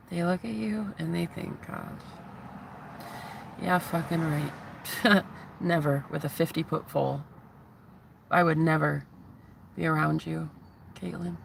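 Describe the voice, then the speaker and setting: A woman's voice: low-pitched, vocal fry, noisy background. A woman in her thirties, a spiritual vlogger, giving a heated, profane, taunting rant to the camera. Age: 30s.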